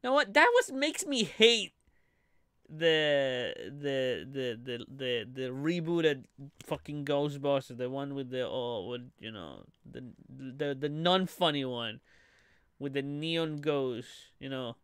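A man live-streaming his reaction to a trailer, animated and profane, laughing often. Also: medium pitch, takes it slowly, smooth, dry recording, studio quality.

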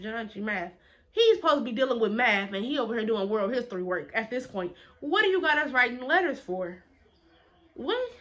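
A young woman recounts a story in a casual vlog, emphatic and full of indignant back-and-forth. Her voice sits a little high and sounds bright and forceful, and she rattles along at a quick pace. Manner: animated, emphatic, quick retorts with rising indignation.

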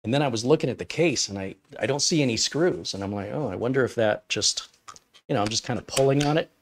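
Fast and lively in intonation, this tech channel host's mid-range voice carries a little hiss or hum in the recording. He chats casually on his live stream, telling an anecdote and laughing often.

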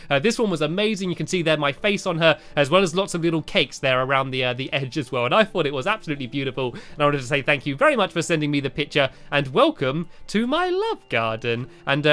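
A man giving playful, excitable commentary over a video game, often filling pauses with "uh". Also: on the high side. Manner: animated and excitable, frequent "uh" fillers. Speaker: gaming video host. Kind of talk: playful let's-play commentary.

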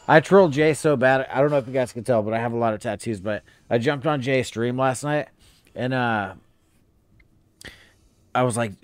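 A man's voice: medium pitch, moderate pace, long pauses, no echo. Laid-back young man streaming a game. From California. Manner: laid-back, profane slang, chatting with viewers. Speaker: streamer playing a horror game. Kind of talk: casual live-stream chat.

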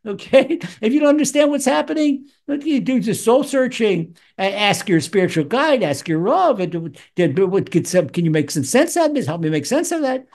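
Animated rabbi teaching, man. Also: a little fast, hardly any pauses. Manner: animated, acts out voices, wide pitch swings. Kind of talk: Torah lesson.

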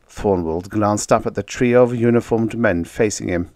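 A man narrating a vintage science fiction story in a measured storytelling manner. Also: on the low side, a little mellow, dry recording, studio quality. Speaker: audiobook narrator. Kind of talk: scripted narration.

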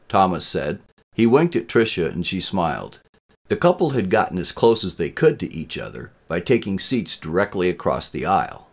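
A man narrating his own story in a lively, expressive reading manner. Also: low voice, normal speed. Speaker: author reading his novel.

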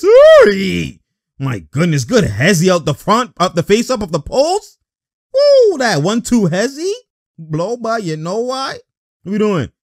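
An excitable man calls out basketball plays in loose slang and keeps breaking into laughter. His pitch swings all over the place, yet he talks at an unhurried pace. The sound is dry and close. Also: no room sound. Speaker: basketball highlight reactor. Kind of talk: casual reaction commentary.

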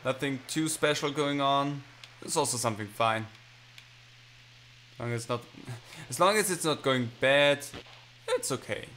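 A man's voice: medium pitch, unhurried, pauses often, pushed and bright, slight background noise. A man giving casual, rambling, self-mocking commentary while he plays a video game. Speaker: gaming channel host. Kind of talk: casual let's-play commentary.

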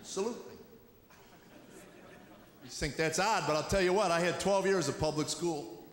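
Wry middle-aged comedian in an echoey hall. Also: male voice, a little high. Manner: wry storytelling with quick voiced asides. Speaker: stand-up comedian. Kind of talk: stand-up routine. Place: large hall with live audience. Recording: echoey hall, audible room noise.

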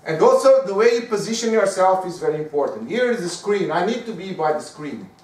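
A man gives a chatty lecture and keeps checking in with the room. His voice sits fairly high. He is picked up from across an echoey lecture room. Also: brisk, far from the mic. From Portugal. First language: Portuguese. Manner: lively, conversational, often asks the room "right?". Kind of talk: lecture on giving presentations.

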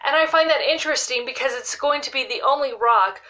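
Woman doing a chatty bible study vlog, sincere, kinda high and really bright. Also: fairly quick. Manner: earnest and heartfelt, fillers like "like". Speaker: Bible teacher, show host. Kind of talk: casual devotional Bible teaching to camera.

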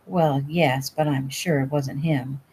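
Feisty stubborn young woman in a storybook, read by a woman, low voice, wry. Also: fairly even intonation, slow, a little mellow, slight background noise. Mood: steady, wry.

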